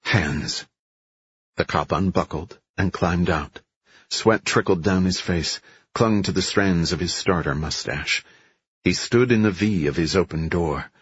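Deep husky male audiobook narrator. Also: no echo, highs cut off. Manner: measured, steady thriller reading. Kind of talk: scripted narration.

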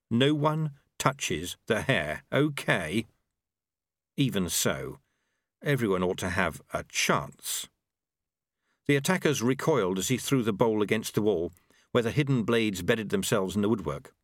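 Guy reading an audiobook, wry and super expressive, dry close sound. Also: on the low side, no room sound. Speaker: audiobook narrator. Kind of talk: scripted narration.

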